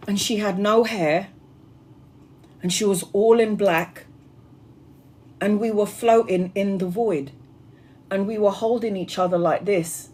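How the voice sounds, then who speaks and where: A woman's voice: medium pitch, measured pace, pauses often, a little mellow. A woman tarot reader telling a personal story on a livestream in an earnest, heartfelt, spiritual way.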